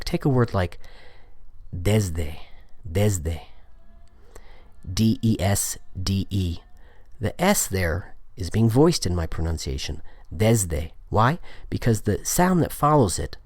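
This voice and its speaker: A man's voice: low voice, a little mellow, no room sound. A man giving a podcast lesson on Spanish pronunciation, explaining step by step and repeating example words. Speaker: Spanish teacher.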